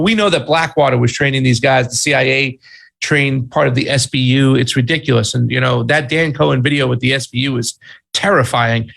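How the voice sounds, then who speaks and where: A man's voice: medium pitch, brisk, vocal fry, fairly bright tone. A man co-hosting a political talk show, exasperated and sarcastic, using casual slang. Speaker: co-host. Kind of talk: political commentary chat.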